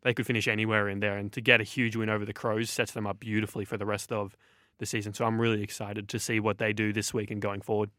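An Australian man hosts a sports podcast, breaking down games with eager, confident opinions in long runs. His voice sits a little low for a man. It is recorded close and dry, with no room echo. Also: level tone, fast talker, pushed and bright. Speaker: sports journalist and podcast host. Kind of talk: casual sports podcast analysis.

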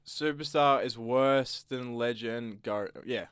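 A young adult man with an Australian accent, co-hosting a podcast with quick, sweary wisecracks. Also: medium pitch, fairly bright tone, smooth, dry recording, studio quality. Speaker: podcast co-host. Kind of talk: casual podcast banter.

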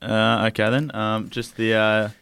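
Here is a young Australian footballer being interviewed on a podcast. He talks hesitantly, full of fillers. His lowish voice is smooth, and it is recorded dry and close. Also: level tone, unhurried, a bit bright, no echo. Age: young adult. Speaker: footballer guest.

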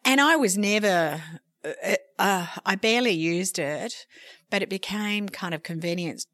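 A podcast co-host with a medium-pitched, fairly bright voice chats casually at an unhurried pace, laughing easily. The sound is clean studio audio with no room sound.

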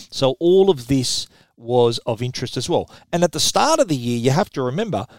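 Chatty Australian man, lively tech talk. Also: mid-range voice, no room sound. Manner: chatty, lively, repeats words when restarting. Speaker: tech show host. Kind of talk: radio tech news talk.

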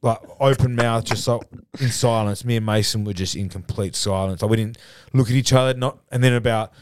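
A man's voice: mid-range voice, fairly even intonation, fairly quick, background noise. An Australian man in a casual podcast studio chat, telling a rambling, sweary story. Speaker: podcast co-host.

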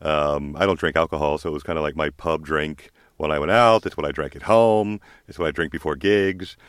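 A man with a very deep voice and an Australian accent, chatting on a podcast. He rambles wryly through his stories, restarting as he goes. The recording is dry and close. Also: brisk, clear, resonant tone, dry recording. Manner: rambling, wry storytelling with restarts. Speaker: comedian guest. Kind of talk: casual chat.

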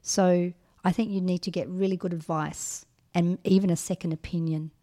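A woman's voice: fairly low pitch, steady tone, moderate pace, mellow. A middle-aged woman co-hosting a podcast, giving frank advice in a casual chat with many ums and restarts. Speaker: podcast co-host.

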